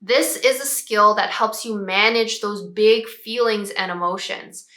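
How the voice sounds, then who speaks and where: A woman, a child behavior expert, calmly explaining parenting strategies and modeling phrases parents can use. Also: medium pitch, a little slow, echoey room. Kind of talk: parenting advice talk.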